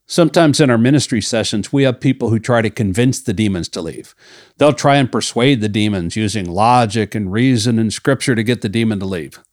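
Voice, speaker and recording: A man's voice: medium pitch, a little mellow, dry recording. Man teaching scripture on a podcast, dry sound. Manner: reads scripture passages aloud, then explains them conversationally. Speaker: ministry podcast host.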